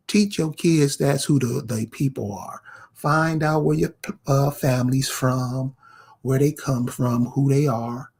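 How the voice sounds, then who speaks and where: An online commentator rants to camera, hurling rhetorical questions straight at the viewer in a confrontational way. His voice sits on the high side, with a warm, husky tone.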